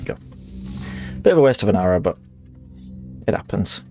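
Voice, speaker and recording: A man's voice: on the low side, very animated, moderate pace. A man streams a game live and talks through it as he plays. His voice swings wildly up and down between cries and mutters, and he laughs and swears often. Faint music plays under his voice. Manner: swearing, laughing, reacting loudly. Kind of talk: live gameplay commentary.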